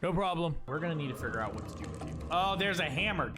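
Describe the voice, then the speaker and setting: A high-pitched man streaming and clowning around, his voice leaping wildly up and down. He shouts and switches between silly voices. Music plays loudly behind him. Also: expressive, fast talker. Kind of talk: comedic voice-acted streaming skits.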